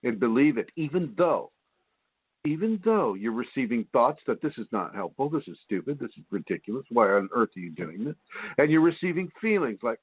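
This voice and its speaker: A man's voice: mid-range voice, big pitch swings, a little fast, slightly rough, no room sound. A man hosting a spiritual radio show, talking in a rambling, repetitive, preachy way with many fillers. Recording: tinny phone line, dry.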